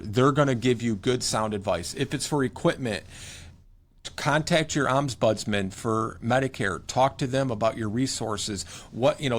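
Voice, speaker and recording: A man from Michigan, a guest on a care podcast, telling stories and giving earnest advice in a conversational interview. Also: medium pitch. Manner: earnest, storytelling with quoted advice. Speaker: podcast guest, home care case manager.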